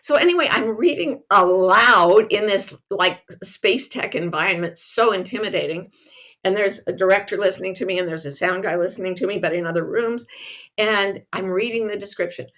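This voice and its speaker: A woman hosting a casual podcast who tells stories in an animated, self-mocking way and laughs often. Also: medium pitch, moderate pace. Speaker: podcast host.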